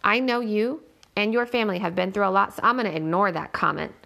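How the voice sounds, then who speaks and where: Stern male warden, firm and threatening, read by a woman narrator; gravelly tone, audiobook. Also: medium pitch, fast talker, sharp tone. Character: stern middle-aged male prison warden.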